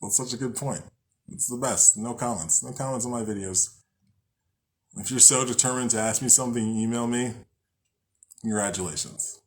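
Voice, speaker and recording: A man hosting a casual spiritual talk, rambling, joking and swearing freely as he reads from a book. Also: fairly low pitch. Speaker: host.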